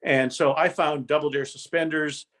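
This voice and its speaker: A man's voice: on the high side, steady tone, normal speed, fairly bright tone. An older man from Indiana, a guest telling long, rambling stories in a casual podcast interview, with lots of restarts. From Indiana, USA. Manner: rambling storyteller, chatty with many restarts. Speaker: guest, former game show host.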